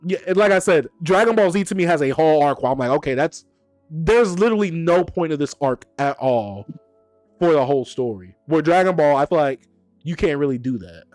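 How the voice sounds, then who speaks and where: A man hosting a stream in casual chat, animated and teasing, quick to argue his point. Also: on the high side, no echo, soft background music. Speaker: streamer host.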